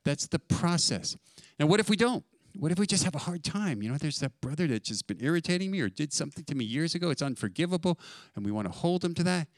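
A man preaching a sermon as pastor, emphatic and building to loud stresses on key words. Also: a little high, big pitch swings, quick pace, no room sound.

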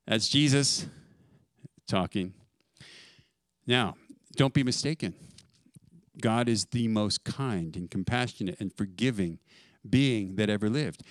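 A man preaching a sermon as pastor, emphatic and building to loud stresses on key words. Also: fairly low pitch, takes it slowly, pauses often, no room sound.

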